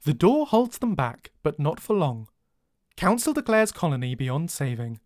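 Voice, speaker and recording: A man voicing an alien computer that speaks in a flat, unmodulated monotone. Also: dry recording, studio quality. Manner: slow, unmodulated, no rising pitch on questions.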